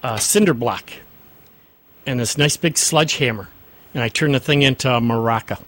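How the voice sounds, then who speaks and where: A man's voice: medium pitch, normal speed, a bit bright. A man who runs a computer service, chatting on a radio tech show in an easygoing, enthusiastic way and stumbling over word starts. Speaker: computer service owner and regular guest. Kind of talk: casual radio call-in chat.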